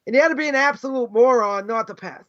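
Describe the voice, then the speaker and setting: A man's voice: very high-pitched, fast, a bit bright. A middle-aged man from the United States, a rabbi teaching a casual, conversational lesson, full of rhetorical questions and "right?" and "you know". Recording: dull lo-fi recording.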